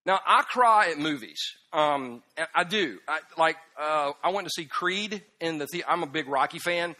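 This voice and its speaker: High, bright preacher, animated. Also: male voice, normal speed. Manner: animated storytelling, swings from hushed to loud laughing outbursts. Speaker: pastor. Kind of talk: sermon with self-deprecating humor.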